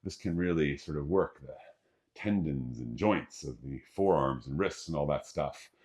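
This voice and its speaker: He has a bass voice with lively intonation, a moderate pace and a slightly mellow quality. The speaker, a middle-aged qigong instructor, guides the exercise with casual jokes and cues for each breath.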